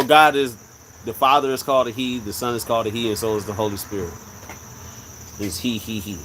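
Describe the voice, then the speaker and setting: A man's voice: fairly low pitch, fairly bright tone, a little hiss or hum, low-quality recording. Earnest man telling a story on a live stream. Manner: earnest, repetitive, emphatic storytelling. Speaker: livestream host sharing a religious testimony. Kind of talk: live-stream casual talk.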